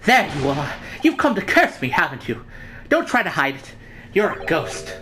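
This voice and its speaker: A woman's voice: low voice, very animated, normal speed, noisy background, pitched below the performer's own voice. A woman voicing a dramatic, paranoid young Japanese male student who talks in grandiose alliterative flourishes while reading a game aloud. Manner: grandiose, alliterative, theatrical outbursts.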